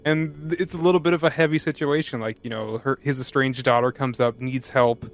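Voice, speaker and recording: A man's voice: medium pitch, fairly even intonation, brisk. Laid-back rambling male podcast co-host. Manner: rambling, filler-heavy, laid-back critique. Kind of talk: casual movie review chat.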